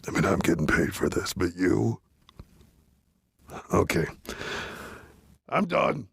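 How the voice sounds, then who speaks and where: A man giving a rambling, deadpan comic monologue full of restarts and asides, close to the mic. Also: low-pitched, a little slow, vocal fry, husky, no room sound. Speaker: comedian doing a parody reading.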